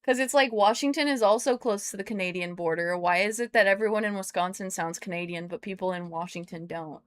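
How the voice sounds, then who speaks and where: A woman's voice: mid-range voice, fairly quick, no room sound. A young American woman chatting casually on a live stream, playful and rambling as she talks to her viewers while tinkering. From United States.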